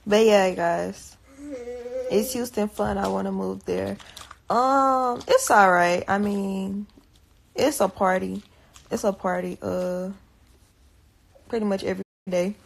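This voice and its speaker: A woman's voice: mid-range voice, steady tone, slow, vocal fry, long pauses. A young woman, a mother filming her baby, chatting casually and slangily to her viewers. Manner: laid-back, slangy, talks to viewers and baby. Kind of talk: casual vlog chat.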